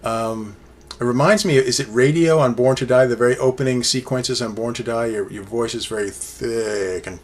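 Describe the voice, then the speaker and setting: A man's voice: mid-range voice, normal speed. Brief: male fan-reviewer, chatty and meandering, speaks with plain enthusiasm. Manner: rambling, enthusiastic fan talk with many fillers. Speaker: music reviewer. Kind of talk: casual solo album review.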